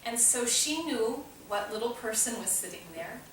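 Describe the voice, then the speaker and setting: A woman's voice: fairly high pitch, animated, moderate pace. A woman leading a small parenting group who tells anecdotes and acts out the voices in them. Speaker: parenting class leader. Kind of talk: teaching a small group, storytelling. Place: meeting room with a small group. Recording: roomy, distant, noisy room recording.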